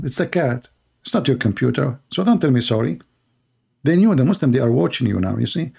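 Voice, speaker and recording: A man's voice: medium pitch, lively intonation, fairly quick, creaky, dark tone, breathy edge. A man hosting a live stream, mocking and sarcastic, in broken English. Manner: sarcastic, mocking, non-native English grammar. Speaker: debate stream host.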